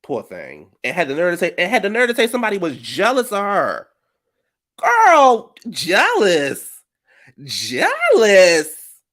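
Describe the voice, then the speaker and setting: Brief: animated, higher-voiced man, throwing loud, theatrical shade at a reality show. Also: fast talker, few pauses. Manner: flamboyant, shady and theatrical. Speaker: reality TV commentator. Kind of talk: sassy reality TV recap commentary.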